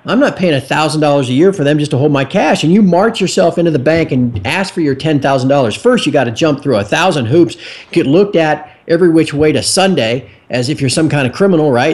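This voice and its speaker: A man's voice: on the high side, darkish tone. A man hosting a podcast, angry, sarcastic and worked up in a heated rant. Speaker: host.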